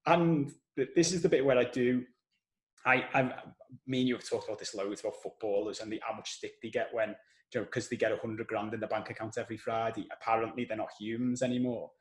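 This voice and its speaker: A man with a Scouse accent hosting a podcast, telling stories in an animated, casual way and swearing now and then. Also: medium pitch, fast talker, reverberant, poor audio. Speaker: podcast host. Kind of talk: casual conversational podcast chat.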